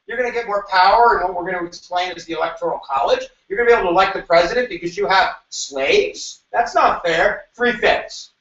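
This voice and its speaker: Animated high-voiced male teacher in an echoey room. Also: normal speed, hardly any pauses. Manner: animated, jokey, with sudden shouts and asides. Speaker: history teacher. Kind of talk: energetic classroom review lecture. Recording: echoey room, mic at a distance, dull sound.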